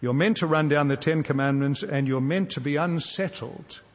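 A man preaching a sermon, earnest and measured, often posing rhetorical questions to his congregation. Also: on the high side, in a large hall. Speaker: pastor.

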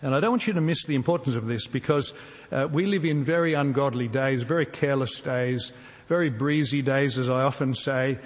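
A man preaching in an earnest, measured way, pausing on rhetorical questions. His voice sits at an ordinary middle pitch. The sound carries a long reverb, as in a large church hall. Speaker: pastor. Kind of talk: sermon.

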